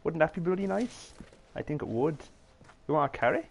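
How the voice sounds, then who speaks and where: A man's voice: on the high side, sing-song, brisk, gravelly, husky. A man streaming a video game, making sarcastic jokes and mumbling to himself as he plays. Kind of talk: live gameplay commentary.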